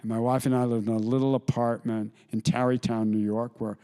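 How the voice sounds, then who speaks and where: A middle-aged man, an author, telling anecdotes to a live audience, with halting restarts and quoted voices. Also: medium pitch, flat delivery, dark tone, smooth. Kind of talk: storytelling talk to an audience. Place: lecture hall with audience.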